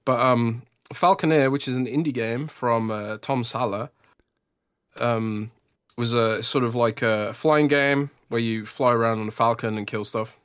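Relaxed man co-hosting a podcast. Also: medium pitch, a little slow, smooth. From England. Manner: relaxed, rambling with fillers. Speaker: podcast co-host. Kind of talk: casual chat.

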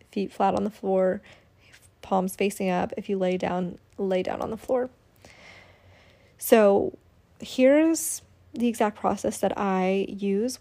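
Gravelly, mellow woman explaining meditation. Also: medium pitch. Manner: chatty, guiding listeners step by step with many fillers. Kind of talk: casual instructional talk.

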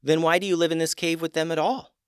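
A man's voice: on the high side, fairly even intonation, fast, smooth, no room sound, studio quality, pitched above the performer's own voice, natural voice. A man voicing a bold, friendly young girl adventurer in a storybook reading.

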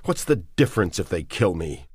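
A man's voice: sits low, very animated, fairly quick, darkish tone, breathy edge, dry recording, studio quality, voice pushed up, exaggerated voice. A man reading aloud and voicing a frightened, exhausted young woman survivor who pleads bitterly near tears. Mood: sobbing, pleading.

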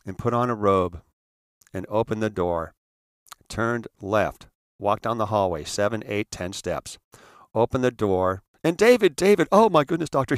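A man's voice: medium pitch, no echo, clean studio sound. A man voicing an overly dramatic mother who gushes and wails her exclamations. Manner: melodramatic, gushing exclamations.

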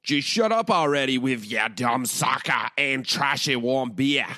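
A man's voice: mid-range voice, lively intonation, measured pace, dry recording, studio quality. A man voicing a brash mock Cockney brawler in a fake Cockney accent, in a podcast ad read. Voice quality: shouty, exaggerated. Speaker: podcast co-host reading ad.

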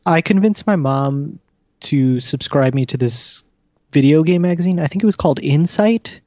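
A man speaks in a dry, matter-of-fact way during casual podcast chat. His voice sits at an ordinary pitch and comes through a slightly dull, lo-fi mic with no room echo. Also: expressive, normal speed, darkish tone.

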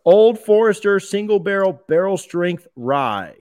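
Man, podcast host, upbeat, playful, very animated pitch, casual chat. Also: measured pace. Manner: upbeat, playful, steers the talk. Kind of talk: casual chat, whiskey tasting.

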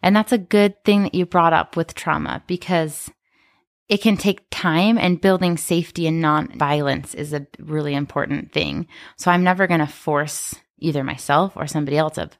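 A woman therapist, a guest on a podcast, talking in a casual, expressive way. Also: low voice, moderate pace. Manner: animated, expressive storytelling with acted quotes and laughter. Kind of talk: casual conversational interview.

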